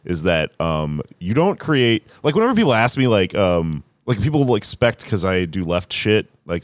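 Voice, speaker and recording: A man's voice: lowish voice, sing-song, normal speed, few pauses, dry recording, clean studio sound. A man talking casually on a podcast, rambling and swearing with lots of fillers. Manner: rambling, profane, many fillers. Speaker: comedian podcast host.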